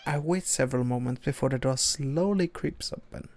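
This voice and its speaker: A man's voice: mid-range voice, moderate pace, slight background noise. A man streaming a game, reading its story aloud in an amused way, often stumbling and correcting himself.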